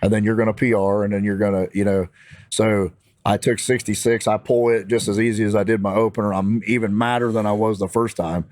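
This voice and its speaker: A man with a Midwestern American accent telling a story in a casual, animated, fired-up way. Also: on the low side, a little fast, no echo. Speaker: podcast guest.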